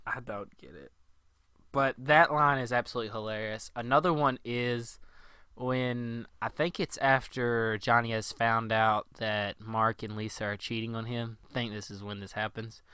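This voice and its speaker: A man's voice: mid-range voice, fairly even intonation, moderate pace, bright, forceful tone, clean tone, dry recording. A young man co-hosting a podcast, chatting casually about a movie and often laughing. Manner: laughing, quoting movie lines in put-on voices. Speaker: podcast co-host. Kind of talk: casual chat.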